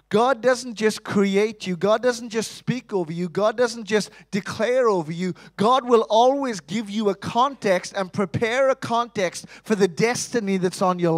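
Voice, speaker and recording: High-voiced guy preaching a fun lively sermon, dry close sound, keeps asking the crowd to answer back. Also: dry recording, low-quality recording. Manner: lively, humorous, acts out quoted voices; calls for responses from the congregation. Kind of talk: Easter sermon.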